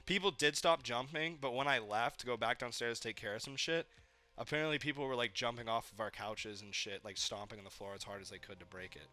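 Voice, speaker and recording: A man's voice: medium pitch, fairly even intonation, fast talker, pushed and bright. A young man from Maine, a podcast co-host, telling rambling party stories in casual chat, swearing a lot and acting out what people said. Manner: rambling storytelling, heavy swearing, acts out quotes.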